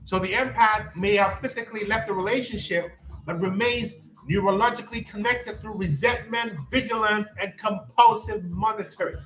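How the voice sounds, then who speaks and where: A man's voice: high voice, fairly bright tone, echoey room, low-quality recording. A man hosting a live stream as a life coach. He talks in a preachy way, repeats catchphrases and invites viewers to come in with questions.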